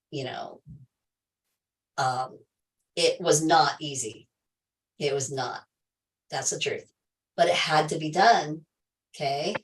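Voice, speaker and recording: A woman's voice: deep voice, a bit bright, far from the mic, low-quality recording. A middle-aged woman hosting a health livestream, telling a personal story to viewers in an emphatic way, repeating key phrases and laughing often.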